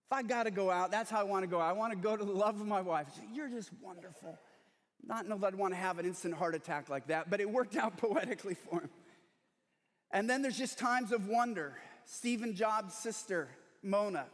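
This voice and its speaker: A man's voice: high-pitched, big-room sound. A male pastor preaching a sermon, telling anecdotes with touches of humor in a storytelling manner. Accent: Texan. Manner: storytelling with humor and quoted last words. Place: large church sanctuary.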